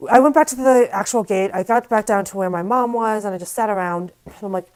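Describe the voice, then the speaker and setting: A woman vlogger telling a story to camera in a casual, animated, exasperated way, with lots of "like". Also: mid-range voice, poor audio. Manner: casual, filler-heavy speech with frequent "like".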